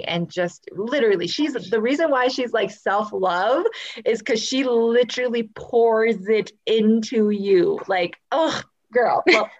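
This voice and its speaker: A woman's voice: on the high side, highs cut off. Gushing woman hosting a podcast. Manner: effusive, gushing praise. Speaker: podcast host. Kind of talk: casual live video-call chat. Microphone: video call.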